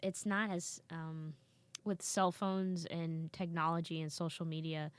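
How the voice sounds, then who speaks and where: Woman, comedian guest, slightly low pitch, animated storytelling, dry close mic. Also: a little slow, clear, resonant tone, no echo. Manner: animated storyteller, acts out quoted voices. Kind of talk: casual podcast chat.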